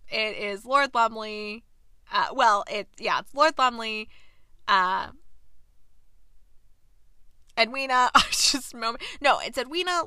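A young woman hosting a casual recap chat, animated and exasperated, tossing in quick quoted asides. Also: on the high side, clear, resonant tone, no room sound, clean studio sound. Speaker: podcast host recapping a TV episode.

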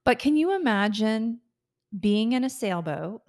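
A woman with a fairly high, darkish-toned voice co-hosts a podcast, animated but a little slow. She chats loosely, tells stories, and laughs a lot.

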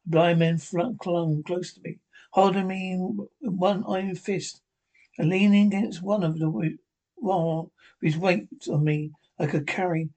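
A man's voice: high voice, steady tone, measured pace, vocal fry, warm tone. A man reading a classic adventure novel aloud in an unpolished way, with frequent slips and restarts. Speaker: reader.

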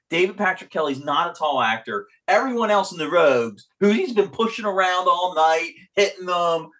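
A man hosting a podcast, animatedly talking through a film's ending in casual chat and acting out its lines. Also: high-pitched. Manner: animated, acts out lines from the film. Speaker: podcast host. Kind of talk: casual film discussion.

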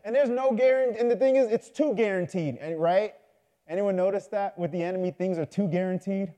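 A man's voice: high-pitched, a little fast, dark tone. A man preaching a sermon, telling a story in a loose, conversational way and building to fervent appeals.

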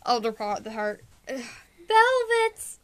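A woman telling a silly story in casual chat, giggling and chatty, acting out cat characters in quick voices. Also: sits high, expressive, pushed and bright, no room sound. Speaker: co-host describing a drawing.

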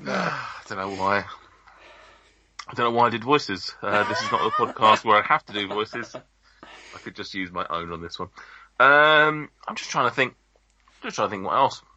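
A man's voice: on the low side, expressive, normal speed, long pauses, bright, forceful tone, a little hiss or hum. A man co-hosting a podcast, chatting casually and rambling with lots of ums and restarts. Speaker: podcast co-host. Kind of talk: casual chat. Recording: dull lo-fi podcast audio.

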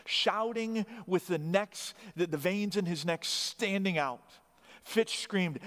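Slow, dramatic male storyteller. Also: high voice, a bit bright, in a large hall. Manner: dramatic, swelling emphasis on key phrases.

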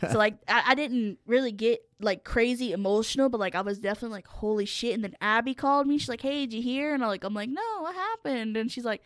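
Smooth-voiced young woman, casual swearing chat. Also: a little high, fast talker, hardly any pauses, no room sound, clean studio sound. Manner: animated storytelling, swears freely, acts out quotes loudly. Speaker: podcast co-host.

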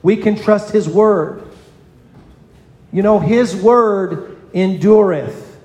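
A man's voice: high voice, extremely slow, a little mellow. A man preaching a sermon in a church, earnest, calling on children in the congregation by name. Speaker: pastor. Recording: echoey hall with long reverb.

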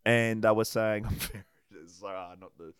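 Low-voiced rambling Australian man. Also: steady tone, takes it slowly, clean tone, no echo. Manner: rambling, swears freely, laughs often. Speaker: podcast co-host. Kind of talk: casual chat.

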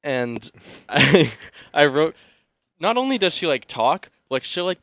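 A man's voice: mid-range voice, fairly bright tone, no room sound. A young man co-hosting a podcast, telling a story in a rambling way, with many fillers and bursts of laughter. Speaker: podcast co-host. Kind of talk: casual chat.

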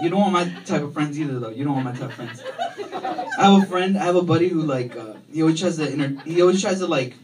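A man's voice: a little high, noisy background. A male stand-up comedian doing a rambling, self-deprecating set and riffing on the crowd, on a comedy club stage. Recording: far from the mic, loud crowd laughter.

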